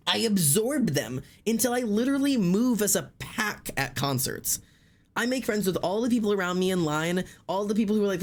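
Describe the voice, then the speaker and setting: A man casually chats with his live stream audience in a high, brisk voice. He's excitable and frank, repeats words, says "like" a lot, and swears freely.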